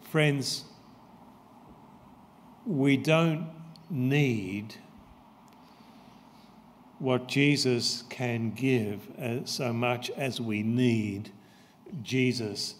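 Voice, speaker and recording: A man preaching a sermon as pastor, slow and emphatic, repeating his key phrases. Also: medium pitch, a little hiss or hum. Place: church. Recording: long church reverb.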